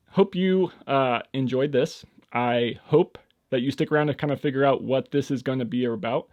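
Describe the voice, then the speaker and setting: A man's voice: normal speed, dry recording. Rambling young man hosting a podcast. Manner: rambling, hesitant, full of fillers and restarts; jumps into sudden high-pitched bursts. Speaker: podcast host. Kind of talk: casual solo podcast monologue.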